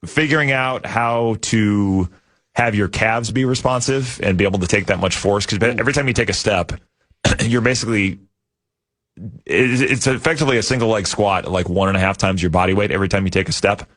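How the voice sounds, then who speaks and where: Casting: a relaxed male radio guest with a low voice, recorded close and dry. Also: a little fast, no echo. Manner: relaxed, explains at length with easy laughs. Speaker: studio guest. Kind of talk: casual radio talk. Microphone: studio microphone.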